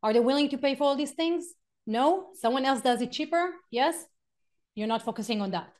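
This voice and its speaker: A middle-aged woman teaching a live workshop, animated, acting out quotes and stories and laughing often. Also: sits high, a little fast. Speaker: workshop speaker.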